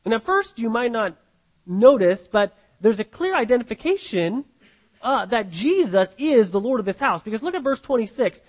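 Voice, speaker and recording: A man's voice: sits high, rough recording. A man preaching a sermon to his congregation, earnest, often repeating words as he restarts a thought. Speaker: pastor.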